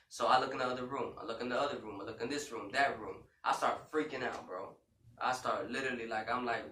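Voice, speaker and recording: A man co-hosting a casual talk show podcast retells a frightening story emotionally, full of "you know" and "man" fillers. His mid-range voice is fairly quick, pushed, and bright, with fairly even intonation. The audio has a roomy echo, faint background noise, and he sits far from the mic.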